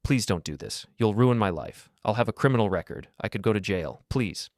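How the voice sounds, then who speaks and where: A man's voice: on the low side, expressive, a little fast, no room sound, studio quality. A man voicing a frightened grown son caught stealing, defensive and begging. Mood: pleading.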